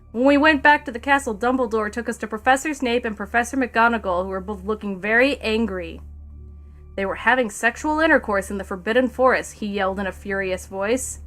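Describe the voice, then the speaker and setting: A fairly high-voiced woman reads a fan story aloud on a live stream, dropping sarcastic and foul-mouthed remarks between passages. She talks into a desk mic, with soft music playing faintly underneath. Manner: sarcastic, profane asides between read passages.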